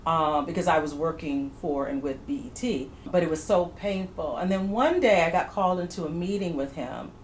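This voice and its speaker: Low-voiced woman in an echoey room. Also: normal speed, few pauses. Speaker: comedy writer. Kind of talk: interview. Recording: echoey room with faint noise.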